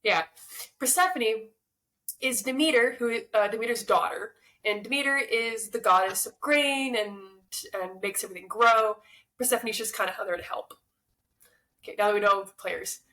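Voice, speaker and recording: Relaxed joking young woman. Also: a little high, normal speed. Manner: relaxed, joking, self-deprecating. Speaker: podcast co-host. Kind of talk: casual chat and myth retelling.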